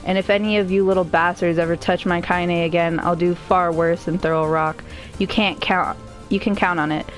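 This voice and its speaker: A woman voicing a foul-mouthed, tough old grandmother who talks with thick, gruff rage. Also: fairly low pitch, fairly even intonation, normal speed, faint music behind, close to an everyday voice. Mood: gruff threatening.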